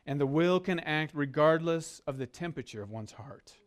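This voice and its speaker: Male pastor, sermon, earnest, leads call-and-response, slightly higher voice. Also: animated, normal speed.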